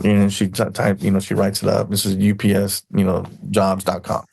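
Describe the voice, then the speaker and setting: A man's voice: fairly low pitch, monotone, fairly quick, creaky, darkish tone, slightly rough. A man chatting casually on a podcast, telling rambling stories and acting out the people in them. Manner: rambling storyteller, acts out quoted people. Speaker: podcast guest.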